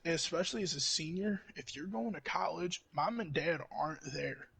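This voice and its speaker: A young man with a husky, gravelly voice rants in casual podcast chat, peppering his talk with "like" and "bro." His voice sits a little high for a man. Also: moderate pace, bright, forceful tone. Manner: ranting, full of "like" and "bro". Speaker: podcast co-host.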